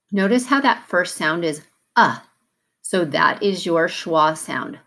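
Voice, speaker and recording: A woman teaching a phonics lesson for children, sounding out words slowly and carefully. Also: lowish voice, animated, gravelly, a bit bright. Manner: slow, careful, over-articulated sounds.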